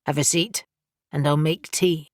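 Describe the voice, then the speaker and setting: A woman's voice: deep voice, steady tone, measured pace, a little mellow, no room sound, clean studio sound. A woman voicing a composed, proud male warlock who talks in a firm, clipped way.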